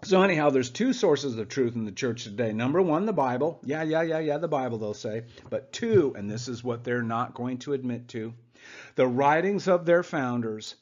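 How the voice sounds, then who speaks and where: A man's voice: mid-range voice, expressive, normal speed, darkish tone. A man teaching the Bible over slides in a mid-range voice. His talk is loose and sarcastic, full of "uh"s and mocking asides, in a dull lo-fi recording.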